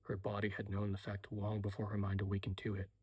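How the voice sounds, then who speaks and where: A man giving a soft-spoken, hushed reading as whispered role-play. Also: fairly low pitch, completely flat delivery, quick pace, breathy edge, no echo. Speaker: reader.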